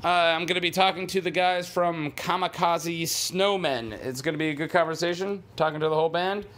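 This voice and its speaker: A man's voice: on the high side, fairly even intonation, brisk, a bit bright. A man hosting a casual podcast in a basement, rambling with lots of fillers and restarts. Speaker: podcast host. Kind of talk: casual chat. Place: basement studio.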